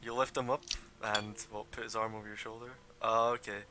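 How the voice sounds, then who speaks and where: A man's voice: lowish voice, level tone, a little fast, a crowd in the background. A young man running a tabletop game as game master, describing scenes loosely with lots of fillers and laughter.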